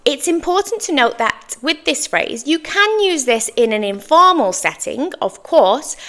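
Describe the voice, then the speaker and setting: Female English teacher, fairly high voice, slow, patient drill delivery. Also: fairly bright tone. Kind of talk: slow, clear English lesson with repeat-after-me drills.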